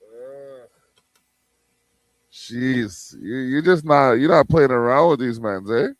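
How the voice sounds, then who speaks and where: A male host leading a relaxed, slangy conversation with a guest. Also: medium pitch, takes it slowly, no room sound. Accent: Canadian English. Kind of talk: casual interview hosting.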